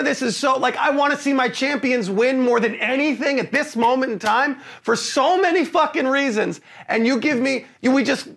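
A man co-hosting a casual film review podcast, ranting with profanity, laughing through his complaints and mocking the characters in quick put-on lines. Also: very high voice, vocal fry, a bit bright. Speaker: podcast co-host.

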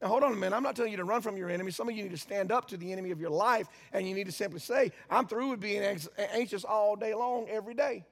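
A preacher with a very high, gravelly voice delivers a sermon. He reads scripture slowly with heavy emphasis, then drops into a casual aside. The sound carries a long reverb from a large church hall.

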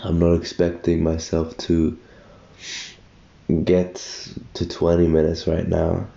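A man's voice: deep voice, completely flat delivery, takes it slowly, gravelly, warm tone, lo-fi sound. A young man just out of bed, rambling and correcting himself in a casual solo podcast. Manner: rambling, self-correcting, thinking aloud. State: just woken up, tired.

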